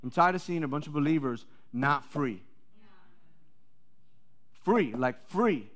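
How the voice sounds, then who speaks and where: A high-pitched man preaches to his congregation. He climbs to loud, rallying calls and then drops into quiet, wry asides. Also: slow. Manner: energetic preaching that swings between loud calls and low asides. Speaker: pastor. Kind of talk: sermon.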